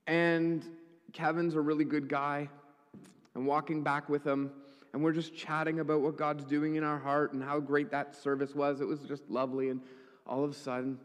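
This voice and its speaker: Brief: male pastor telling a sermon story, slightly high voice, dry jokes, long reverb of a hall. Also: level tone, normal speed. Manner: storytelling with wry humorous asides. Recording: echoey hall.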